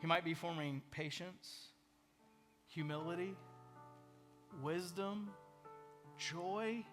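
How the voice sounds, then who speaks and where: A pastor preaching an earnest, conversational sermon with prayerful asides. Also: male voice, sits high, slow pace, a bit bright, soft background music.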